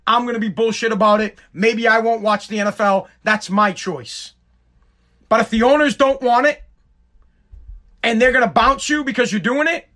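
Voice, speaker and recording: A man's voice: extremely high pitch, sharp tone. A man hosting a podcast, giving a heated, profane, emphatic rant. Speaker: podcast host.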